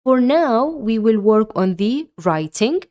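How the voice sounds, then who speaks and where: A woman's voice: a little high, sing-song, takes it slowly, darkish tone. A woman teaching beginners pronunciation, patiently repeating each letter and word several times before explaining it. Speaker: Arabic teacher. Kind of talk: slow, careful pronunciation lesson.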